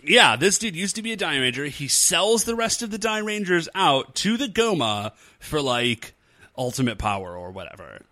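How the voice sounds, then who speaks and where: A man's voice: a little high, normal speed. A man co-hosting a podcast, chatting casually and joking as he recaps a TV episode. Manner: animated, laughing, joking. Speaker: podcast co-host. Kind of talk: casual chat recapping a TV show.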